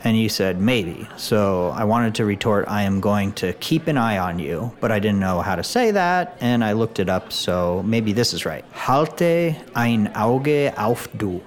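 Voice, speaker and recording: A man learning German in a casual lesson, curious and playful, trying out phrases haltingly. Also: on the low side, lively intonation. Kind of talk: casual language lesson chat.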